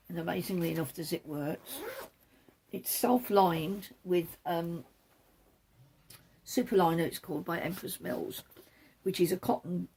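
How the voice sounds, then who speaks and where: A woman's voice: on the low side, vocal fry, a little mellow, slightly rough. A woman hosting a knitting podcast from the back room of her home, chatting casually and wandering off topic now and then. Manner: rambling, self-deprecating, digresses. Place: back room at home, patio door open.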